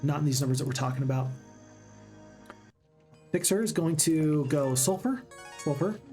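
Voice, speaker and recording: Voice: medium pitch, animated, moderate pace, mellow, faint music behind. A gaming channel host giving upbeat, casual let's-play commentary and chatting with viewers.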